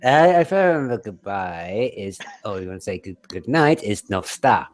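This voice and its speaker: A man on a casual gaming podcast, teasing the others and talking excitedly about games. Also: lowish voice, moderate pace. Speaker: podcast co-host. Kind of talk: casual group chat.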